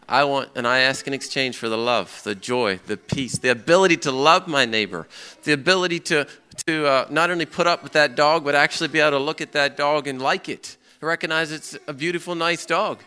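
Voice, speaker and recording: Animated preacher with a bright voice. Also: male voice, a little high, brisk, clear, resonant tone. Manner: animated, acts out quoted people and prayers. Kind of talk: sermon.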